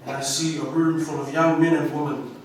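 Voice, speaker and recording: A man with a New Zealand accent giving an inspirational graduation speech, slow and emphatic, heard from far off through a hall's speakers. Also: a little high, flat delivery, slight background noise. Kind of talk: ceremonial speech. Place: large school hall. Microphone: PA microphone, recorded from the audience. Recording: echoey hall from far off.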